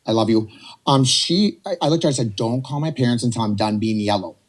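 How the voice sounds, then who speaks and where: A man in his forties telling a personal story on a podcast, animated and rambling, slipping into voices to act out what others said. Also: medium pitch, fast talker. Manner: animated, rambling, jumps between quoted voices. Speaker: podcast guest. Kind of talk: casual storytelling.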